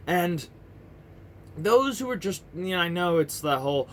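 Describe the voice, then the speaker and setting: Speaking at a moderate pace with big pitch swings, this man in his thirties has a fairly high voice. He's a vlogger delivering a heated, profane, rambling rant to a camera mic, restarting often.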